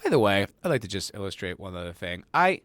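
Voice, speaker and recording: A man's voice: low-pitched, big pitch swings, quick pace, a bit bright, no room sound. A man hosting his own podcast, talking casually and sarcastically, rambling and swearing, often laughing at his own jokes, on a close desk mic at home. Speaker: podcast host. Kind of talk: casual solo commentary.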